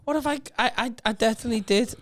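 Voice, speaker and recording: A man's voice: very high-pitched, racing, fairly bright tone. A man chatting on a podcast, teasing his friends and rambling through stories with many restarts. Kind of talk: casual banter.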